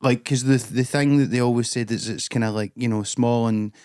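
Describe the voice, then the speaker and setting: A man's voice: medium pitch, fairly even intonation, fairly quick, darkish tone, smooth. A man with a Scottish accent co-hosting a podcast in easygoing casual chat, dropping local slang. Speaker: podcast co-host.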